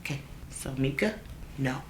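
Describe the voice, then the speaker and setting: A young woman telling a story in a chatty, animated way while getting ready, with asides to her viewers. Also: a bass voice, moderate pace, slight background noise. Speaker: vlogger. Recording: roomy echo.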